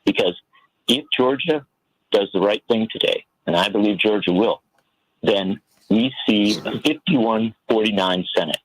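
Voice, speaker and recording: A man's voice: on the low side, unhurried, slightly rough, dry recording, rough recording. A man giving earnest, impassioned political commentary as a guest on a talk radio show, telling a story to make his point. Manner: earnest, impassioned, tells stories.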